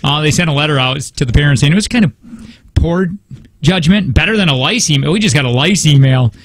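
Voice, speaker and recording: In a radio studio, a male co-host trades casual morning-show banter, telling stories in a chatty, rambling way with many restarts. His voice is a little high and a little fast, with lively intonation and no echo.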